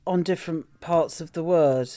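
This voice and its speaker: A woman's voice: low-pitched, moderate pace, dark tone, no room sound. A woman co-hosting a podcast in casual chat, blunt and swearing freely. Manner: blunt, swears, laughs often. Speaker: podcast co-host.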